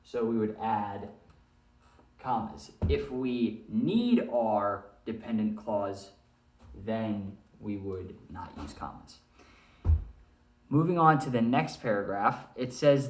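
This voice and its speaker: A man's voice: fairly low pitch, lively intonation, slow pace, darkish tone. A male teacher giving a recorded language arts lesson, explaining step by step and often checking in with "all right?". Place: room with a whiteboard. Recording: echoey room.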